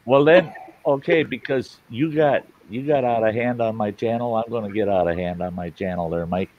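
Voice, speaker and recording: A man's voice: fairly low pitch, moderate pace, narrow, tinny audio. A man hosting a casual livestream chat, telling a long joke in a folksy, plain-spoken way with some cursing. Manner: folksy, drawling storyteller with mild cursing. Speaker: host.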